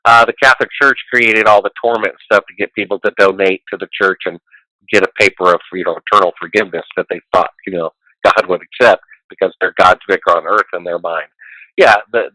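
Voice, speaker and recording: A man rambles on as a guest, emphatic and preachy, his voice bright and forward. He sits a touch low in pitch, and the sound is close and dry. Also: brisk, no room sound, poor audio. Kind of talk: casual conversation.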